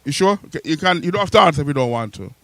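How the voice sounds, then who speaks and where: Guy cohosting online radio, playful n argumentative, kinda high voice. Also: animated, rapid-fire. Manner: playful, argumentative, sends shout-outs. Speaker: co-host and DJ. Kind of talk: casual radio banter.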